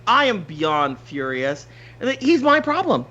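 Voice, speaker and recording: A podcast host telling a story in casual chat, animated, swearing freely and laughing often. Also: male voice, sits high, measured pace, muffled recording.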